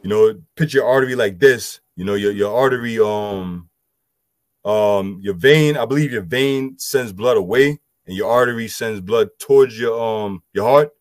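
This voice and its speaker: A man's voice: fairly low pitch, moderate pace, dry recording. A man, loosely explaining scripture and health to a group with lots of "you know" fillers. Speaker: group discussion speaker. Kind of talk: casual scripture teaching.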